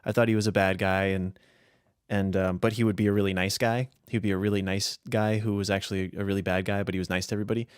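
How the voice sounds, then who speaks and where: A man from northern New Hampshire chatting casually on a podcast about his roleplay characters, rambling and animated. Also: lowish voice, fast, smooth, dry recording, clean studio sound. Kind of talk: casual chat.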